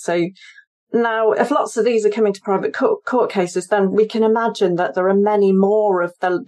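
A woman appears as a guest historian on an interview podcast. She explains her research at length and thinks aloud as she talks. Her voice sits at an ordinary mid pitch for a woman. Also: darkish tone. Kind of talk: conversational interview.

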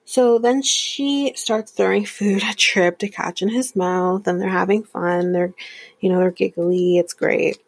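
A woman's voice: mid-range voice, fairly even intonation, unhurried, gravelly, slightly rough, dry recording. A woman hosting a podcast, recapping a reality show in a candid, chatty way with frequent laughs. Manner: chatty, candid, laughs often, drifts into whispered asides. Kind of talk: casual chat.

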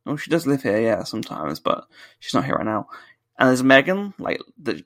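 Gravelly British man ranting on a podcast. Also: mid-range voice, very animated, takes it slowly, pauses often, fairly bright tone, no room sound. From United Kingdom. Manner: ranting, sweary, self-correcting. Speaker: podcast co-host. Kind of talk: casual chat.

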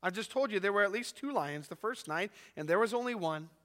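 A man voicing a lost, frightened young boy who pleads in a high, anxious voice, heard with long reverb. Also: lively intonation, fairly quick, a bit bright. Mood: bewildered.

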